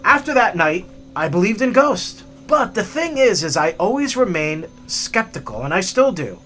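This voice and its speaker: A man hosting a hiking vlog and telling stories in an animated, chatty way with many fillers. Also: high voice, moderate pace, soft background music. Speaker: hiking vlogger. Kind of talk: storytelling narration.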